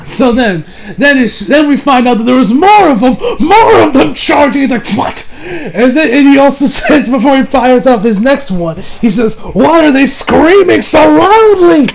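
A man giving a casual anime episode review, excitable and swearing, recapping scenes with mock quotes. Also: extremely high pitch, moderate pace, creaky, a crowd in the background, rough recording.

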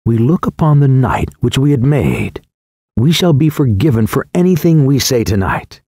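A man narrating an audiobook in the first person with a slow, solemn and expressive reading. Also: mid-range voice, dry recording, studio quality.

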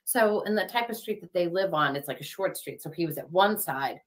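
A woman's voice: lowish voice, animated, fairly quick. A woman in her fifties, an interview guest, recounting a personal story in a chatty way with lots of fillers. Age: 50s. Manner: chatty, many fillers, quotes others.

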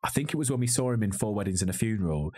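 A man's voice: fairly low pitch, animated, racing, mellow, husky. A man co-hosting a podcast, reviewing a film in a wry, joking, rambling way. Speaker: podcast co-host. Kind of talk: casual film review chat. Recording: slightly glitchy video call audio.

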